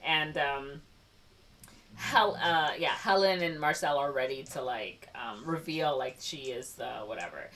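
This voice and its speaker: A woman's voice: low-pitched, measured pace, fairly bright tone, recorded from a distance. A woman co-hosting a podcast, casually retelling a movie plot with lots of "like" and "whatever". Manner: rambling retelling full of "like" and "whatever". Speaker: podcast co-host. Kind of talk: casual movie recap chat.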